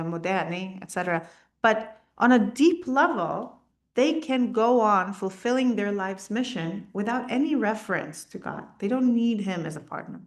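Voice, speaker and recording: A woman teaches a text-study lesson at an everyday pitch, walking her listeners through the sources step by step. She slips Hebrew terms into her speech. She often stops to check in with a quick "right?". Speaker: Torah teacher.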